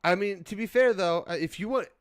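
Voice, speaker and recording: A man's voice: high-pitched, brisk, smooth, no echo, studio quality. A man co-hosting a casual chat podcast, joking around in a playful way. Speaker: podcast co-host.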